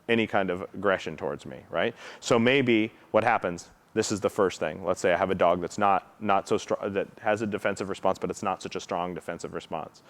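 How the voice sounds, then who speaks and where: A man explaining protection dog training to students in a casual teaching tone, often checking in with "right?" and acting out how dogs react. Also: lowish voice. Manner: frequent tag question "right?"; acts out dog reactions with his own voice.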